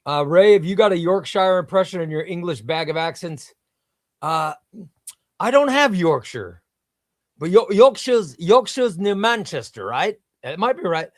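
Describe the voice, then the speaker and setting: A man's voice: fairly high pitch, expressive, moderate pace, no room sound, clean studio sound. A man hosting a casual comics livestream, reading viewer comments in an enthusiastic, rambling way.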